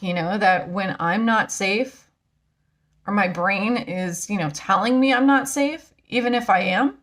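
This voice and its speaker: A woman vlogger talking frankly and casually to camera, rambling and animated as she tells a personal story. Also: mid-range voice, a little slow. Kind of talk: casual personal vlog talk.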